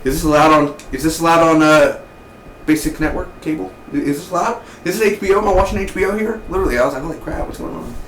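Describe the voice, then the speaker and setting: A man giving a casual, excitable spoken TV review, full of slang and mock voices for the characters. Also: fairly high pitch, quick pace, roomy sound, a little hiss or hum, rough recording. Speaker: TV show reviewer.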